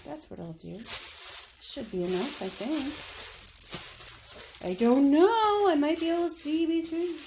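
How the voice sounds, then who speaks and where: A woman's voice: high voice, unhurried, long pauses, noisy background. A woman vlogging at home, chatting casually and rambling aloud to herself as she goes about her day. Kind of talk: casual chat. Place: at home indoors.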